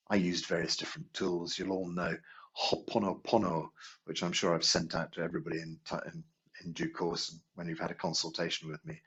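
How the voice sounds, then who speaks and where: A man with a very low, husky voice leads a healing class in a relaxed, storytelling way. He asks his listeners rhetorical questions as he talks. The recording is dull and muffled, like low-quality video sound. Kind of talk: conversational teaching talk.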